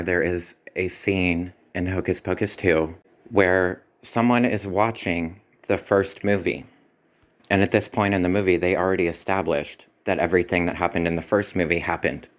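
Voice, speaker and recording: Man, very low voice, movie reviewer, critical, dry sarcasm. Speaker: film reviewer.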